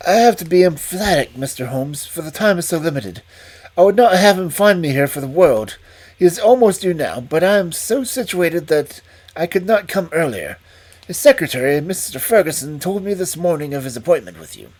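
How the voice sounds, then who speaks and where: A man's voice: on the high side, expressive, moderate pace. A man voicing a breathless, frantic estate manager. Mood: urgent. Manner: breathless, urgent, emphatic. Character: nervous, frightened thin male estate manager.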